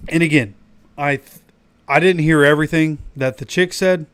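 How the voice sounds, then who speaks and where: A man hosts a fan channel livestream, ranting animatedly and preaching straight at his viewers while his voice recovers from being lost. It's a bit bright and clean, on the high side, at a moderate pace, and the recording is dry.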